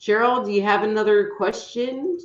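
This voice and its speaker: A woman's voice: medium pitch, moderate pace, reverberant, highs cut off. A woman hosting a live online show as a psychic reader, chatting casually and rambling through stories while calling out audience members by name. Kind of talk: casual live-stream chat.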